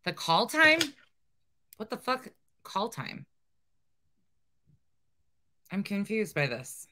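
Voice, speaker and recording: A woman casually commenting on video clips she is watching, with wry, drawn-out asides. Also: mid-range voice, very animated, sharp tone. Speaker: reaction commentator.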